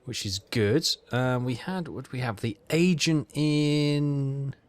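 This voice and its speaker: A man giving casual commentary on a strategy game, thinking aloud with halting, self-correcting phrases. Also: medium pitch, smooth. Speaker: gaming channel host.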